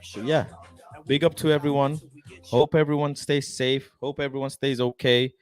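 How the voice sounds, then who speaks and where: Excited man hosting a football livestream. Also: mid-range voice, moderate pace. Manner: excited, shouting and singing along. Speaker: football channel host. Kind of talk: livestream chat. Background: music playing.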